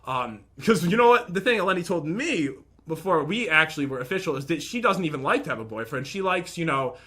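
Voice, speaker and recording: A man's voice: a little high, expressive, brisk, pushed and bright. A young man in casual commentary, rambling and aggrieved as he reads out and picks apart messages from an ex. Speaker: vlogger.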